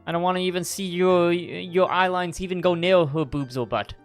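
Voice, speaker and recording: A man's voice: sits high, fairly even intonation, moderate pace, clear, resonant tone, soft background music. Joking male game streamer. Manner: joking and chatty, with mock outrage. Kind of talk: casual gameplay commentary.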